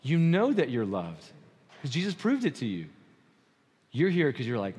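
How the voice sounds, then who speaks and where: A man preaching a sermon as pastor in a conversational, animated way, often checking in with his listeners. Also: medium pitch, normal speed, long pauses, breathy edge. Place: church sanctuary. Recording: long hall reverb.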